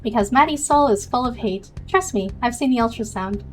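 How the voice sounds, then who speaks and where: A woman's voice: a little high, lively intonation, brisk, faint music behind, close to an everyday voice. A woman voicing a solemn, moralizing old man, reading his lines earnestly.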